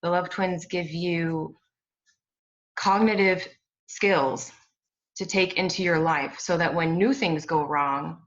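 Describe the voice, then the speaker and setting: Woman client, blunt and direct, very low voice, dull lo-fi call audio. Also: fairly bright tone. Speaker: client giving testimonial. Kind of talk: candid testimonial.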